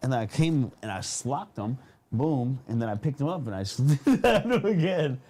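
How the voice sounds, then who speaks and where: A man casually telling a story on a podcast, animated and slangy, often laughing as he talks. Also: mid-range voice, normal speed. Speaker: podcast guest.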